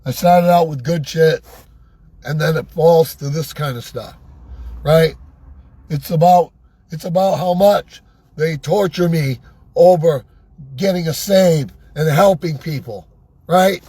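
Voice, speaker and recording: Husky, high-voiced older man ranting. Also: slow pace, long pauses, mellow, dry recording. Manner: agitated, repeats "right?" often, swears. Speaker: vlogger. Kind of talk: angry personal monologue.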